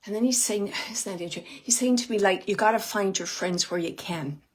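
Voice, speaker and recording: Woman relaying a medium's message haltingly. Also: mid-range voice. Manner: halting and searching, repeats phrases, relays messages. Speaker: psychic medium. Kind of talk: live mediumship reading to an audience member.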